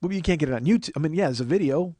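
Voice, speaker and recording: A man's voice: on the high side, animated, very fast, dark tone. A man in his forties hosting a comedy podcast, rambling and self-mocking as he chats and swears freely. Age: 40s. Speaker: podcast host. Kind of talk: casual comedic podcast chat.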